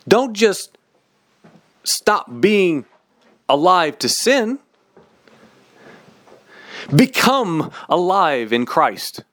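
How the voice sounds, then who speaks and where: Animated slow-preaching man. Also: high voice. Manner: animated, emphatic, candid. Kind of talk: sermon.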